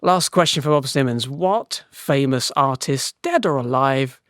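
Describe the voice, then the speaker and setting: A man's voice: medium pitch, animated, a little slow, a bit bright, dry recording, studio quality. A man hosting a comedic solo podcast, rambling and swearing as he chuckles through silly answers. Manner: rambling, profane, laughing at his own jokes. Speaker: podcast host.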